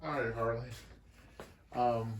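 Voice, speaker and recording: A man's voice: medium pitch, monotone, slow pace, slight background noise. A man interviewing a guest, earnest and a little hesitant. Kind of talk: interview questions. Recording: echoey room with faint ambience.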